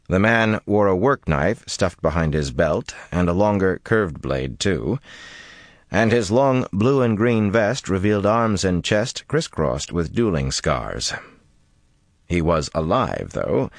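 A man narrating an audiobook in a steady, measured storytelling voice. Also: low-pitched, dry recording, clean studio sound. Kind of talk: scripted narration.

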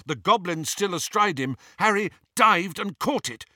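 A man's voice: high voice, animated, unhurried, sharp tone, no room sound, clean studio sound. A man narrating a fantasy story aloud in a dramatic, suspenseful way. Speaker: audiobook narrator.

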